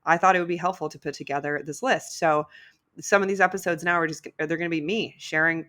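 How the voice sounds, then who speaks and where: A woman's voice: deep voice, fairly even intonation, fast talker, a bit bright. A middle-aged woman hosting her own podcast, talking candidly and casually, swearing freely and getting emotional. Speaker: podcast host. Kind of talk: casual solo podcast talk.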